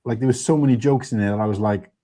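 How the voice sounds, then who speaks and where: Guy rambling on a stream chat, warm mellow tone. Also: medium pitch, very fast. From United Kingdom. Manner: chatty, rambling storyteller. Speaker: stream host. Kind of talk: casual panel chat.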